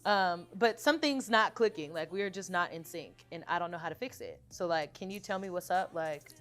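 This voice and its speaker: A young woman with a slightly low voice chats casually in an interview about her songs. She tells stories in an animated way and laughs often. When she recites her lyrics, she goes quieter and softer. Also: a little fast, soft background music. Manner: reads her lyrics aloud softly. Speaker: singer-songwriter guest.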